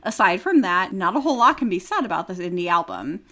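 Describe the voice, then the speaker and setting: A woman's voice: on the low side, very animated, fast talker, fairly bright tone. A woman podcast host reading a review aloud in a casual chat, now and then breaking into giggles.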